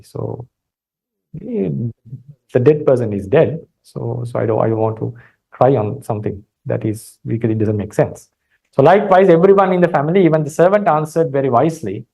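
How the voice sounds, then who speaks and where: A man with a Sri Lankan accent giving a calm Buddhist dharma talk, retelling a story with many fillers and restarts. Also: medium pitch, gravelly, rough recording. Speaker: Buddhist monk teacher.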